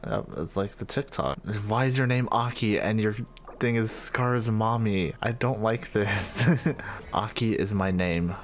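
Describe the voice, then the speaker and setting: A man's voice: lowish voice, slight background noise. A man casually reading out and reacting to fan comments, joking and easily amused. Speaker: gaming video creator.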